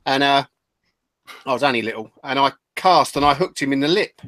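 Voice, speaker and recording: A man's voice: mid-range voice, a little fast, fairly bright tone. A British man co-hosting a casual podcast chat, dropping teasing quips and short stories. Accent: British English. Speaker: podcast co-host.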